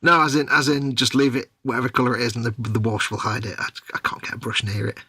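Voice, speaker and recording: A man's voice: mid-range voice, level tone, fast talker, bright, forceful tone, slight background noise. A man chatting casually while painting a model, laughing along and teasing his friend. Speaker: co-host of a model-building stream.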